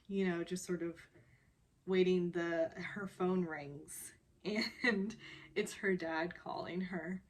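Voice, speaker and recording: A woman casually recapping a television drama episode, rambling with many fillers and often breaking into laughter. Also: fairly low pitch.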